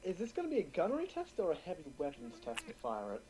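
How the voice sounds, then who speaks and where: A woman's voice: deep voice, huge pitch swings, fast talker, a crowd in the background, low-quality recording. A woman playing a tabletop game, trading playful mock insults in clipped, broken English. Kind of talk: casual game chat.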